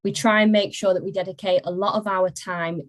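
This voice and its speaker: Young woman presenter, bubbly and self-deprecating, mid-pitched. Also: steady tone, a little fast, low-quality recording. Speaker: recruitment marketing specialist. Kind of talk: casual online presentation.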